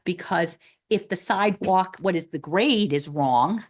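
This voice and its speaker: A woman speaking at a town committee meeting, thinking aloud in long, looping sentences with restarts. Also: lowish voice. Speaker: committee member. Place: meeting room.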